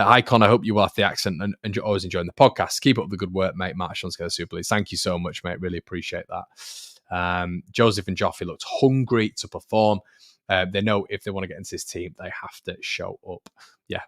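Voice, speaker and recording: A man hosts a football fan live stream in a loose, conversational way, often repeating himself and answering viewers' comments as they come in. His voice sits low. It is recorded close and dry, with no room sound. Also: fairly bright tone, dry recording. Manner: chatty, repeats phrases, reads viewer comments. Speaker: fan channel host.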